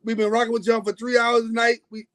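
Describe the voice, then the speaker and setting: High-voiced New podcast host. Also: male voice, completely flat delivery, fast, fairly bright tone. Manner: streetwise slang, repeats for emphasis. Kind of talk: casual chat.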